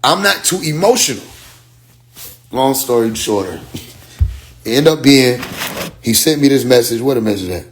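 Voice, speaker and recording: A man's voice: medium pitch, a little hiss or hum. A man telling a story on a phone livestream in a casual, emphatic rant, sometimes muttering to himself. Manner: emphatic, drops to muttering while searching his phone. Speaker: livestream host.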